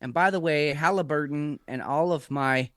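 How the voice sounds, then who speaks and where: A man doing a loud, boastful impression of a president who keeps reassuring everyone and repeating himself. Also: fairly high pitch, normal speed, dry recording, clean studio sound, close to an everyday voice. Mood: swaggering. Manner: bragging, reassuring, repetitive.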